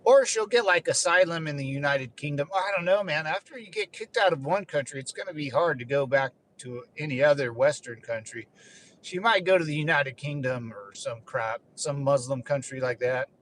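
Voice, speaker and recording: High-voiced man rambling from his car. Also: normal speed, fairly bright tone, slight background noise. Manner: loose, swearing, laughing asides. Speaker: vlogger, former Marine. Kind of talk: casual rambling talk while driving.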